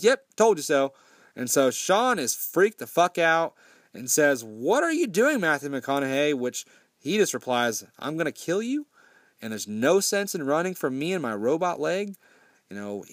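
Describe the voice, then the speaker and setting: A man's voice: medium pitch, no echo, studio quality. Sarcastic, foul-mouthed man recapping a movie. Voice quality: sarcastic, swears often. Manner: animated, mimics characters in quoted lines. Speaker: movie reviewer. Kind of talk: casual profane movie recap.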